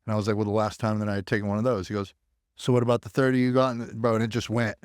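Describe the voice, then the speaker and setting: Speaking fast and flat, this US man sits on the low side with a darkish tone. He's an army veteran on a podcast, recounting his experiences with candor, bluntness, heavy profanity, and performed voices for the people he quotes. The audio is studio quality with no room sound.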